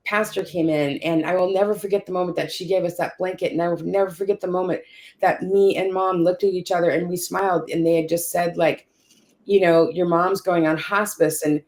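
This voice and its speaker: A woman's voice: on the low side, fairly even intonation, fairly quick, a little mellow. A woman telling a personal caregiving story in conversation, checking in often with "you know" and "right?". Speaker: caregiver sharing her story.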